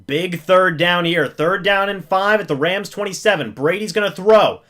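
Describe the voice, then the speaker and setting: A man's voice: high voice, moderate pace, pushed and bright. A man calling a football game live as a fan, narrating each play and then pleading with the referees and groaning at the calls.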